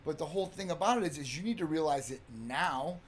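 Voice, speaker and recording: A man co-hosting a casual live stream, his voice a touch high for a man. He talks in a measured, reflective way and builds his points slowly. A faint hiss of noise sits under his voice. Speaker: co-host.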